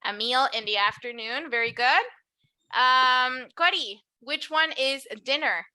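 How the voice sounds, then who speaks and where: Lady teaching english, patient and clear, kinda high and really bright. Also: measured pace, dry recording. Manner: clear, patient, switches to Spanish to explain. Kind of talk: online English lesson.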